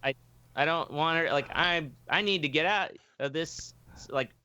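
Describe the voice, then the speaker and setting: A man's voice: on the high side, unhurried, bright, forceful tone, smooth, dull audio. A man on a podcast telling a long story in casual chat, rambling with lots of fillers and swearing and acting out the people he quotes.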